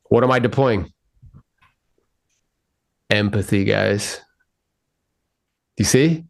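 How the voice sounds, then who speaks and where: A man coaching real estate agents on a video call, energetic and blunt, swearing freely and quizzing his listeners. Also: fairly low pitch, takes it slowly, creaky. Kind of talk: live sales coaching session.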